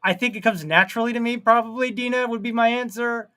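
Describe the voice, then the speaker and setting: A man with a very high voice and fairly even intonation hosts a casual live stream. He reads viewer comments aloud, laughs at his own jokes, lengthens his words, and shouts out suddenly now and then.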